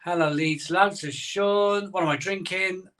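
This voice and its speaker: A cheerful man with a fairly high voice, hosting a casual live stream. He talks loosely and repeats himself, with lots of ums as he chats back to viewers. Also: unhurried, a bit bright. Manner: chatty, cheerful, many ums and repeated phrases. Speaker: live-stream host reading viewer comments. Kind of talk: casual chat.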